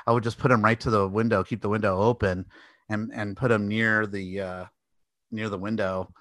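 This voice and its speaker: A man's voice: lowish voice, moderate pace, no echo. Rambling, laughing podcast co-host man. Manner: rambling, animated, laughs often. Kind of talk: casual chat.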